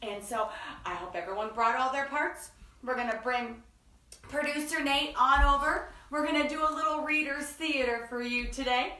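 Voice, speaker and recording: A woman hosting a children's story time, leading songs and call-and-response in an animated, sing-song way. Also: high voice, moderate pace, recorded from a distance. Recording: echoey room, voice away from mic.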